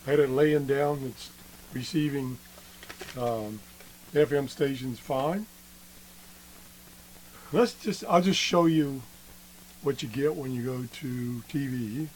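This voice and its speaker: A man slowly demonstrating an old radio, halting often and clearing his throat, his voice worn from being sick. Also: medium pitch, darkish tone, a little hiss or hum, rough recording. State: losing his voice after illness. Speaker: radio hobbyist video host. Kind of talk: casual show-and-tell demo.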